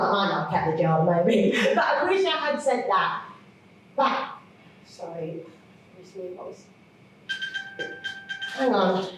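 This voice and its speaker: A woman, a children's author chatting to an audience in a lively, self-mocking way. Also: medium pitch, slight background noise. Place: large hall. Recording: echoey hall from far off.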